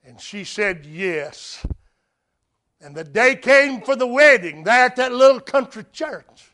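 A man preaching a sermon, telling a story with dramatic swings from hushed asides to loud, rising calls. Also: very high-pitched, expressive, takes it slowly.

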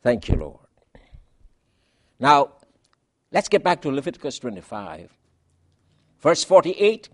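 A man preaching a sermon, emphatic, asking rhetorical questions and swinging between loud and soft. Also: medium pitch, wildly swooping pitch, takes it slowly, pauses often.

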